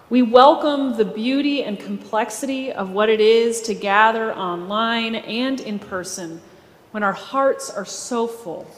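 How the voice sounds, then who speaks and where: Woman minister reading liturgy slow and solemn, bit high, roomy reverby church. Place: large church sanctuary.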